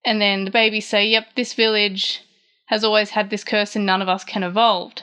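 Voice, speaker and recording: A woman's voice: mid-range voice, flat delivery, normal speed, bright, forceful tone, clear, resonant tone. A woman hosting a casual recap show, retelling scenes in a chatty way and lifting her voice for the quoted lines. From Australia. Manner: frequent fillers and restarts, chatty. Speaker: podcast host recapping a manga chapter.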